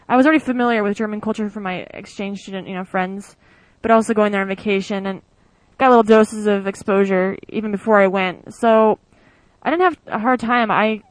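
A woman's voice: mid-range voice, dry recording, poor audio. Chatty young American woman, dry sound. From United States. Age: young adult. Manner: chatty, rambling, many fillers. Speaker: interviewee, former exchange student. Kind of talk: casual interview answers.

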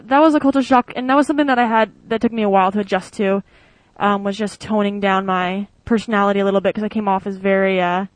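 A young woman with an American accent answers interview questions in a relaxed, chatty way. She rambles and fills her pauses with "um" and "like". Her voice sits at an average pitch and sounds close and dry, with no room echo. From United States. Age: young adult. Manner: chatty, rambling, many fillers. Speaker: interviewee, former exchange student.

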